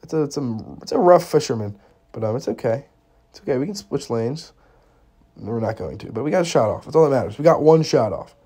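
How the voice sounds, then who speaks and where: A young man giving live commentary over his own gameplay, excitable, swinging from quiet muttering to loud outbursts at the game. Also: medium pitch, fairly quick, slightly rough. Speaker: gaming YouTuber.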